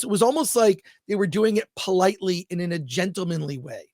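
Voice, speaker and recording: A man hosting a film review show, chatting casually and excitedly, rambling as he thinks aloud. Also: high-pitched, a little fast, hardly any pauses, no room sound, studio quality.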